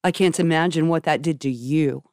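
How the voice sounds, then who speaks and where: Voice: medium pitch, moderate pace, a little mellow, dry recording, studio quality. A podcast host interviewing a guest, reacting with effusive, heartfelt sympathy.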